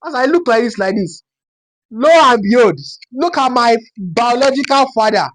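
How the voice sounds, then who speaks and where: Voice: mid-range voice, lively intonation, normal speed. A young adult from Nigeria with a Yoruba-inflected Nigerian accent, telling a personal story in a casual, dramatic way and repeating phrases for effect. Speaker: storytime vlogger.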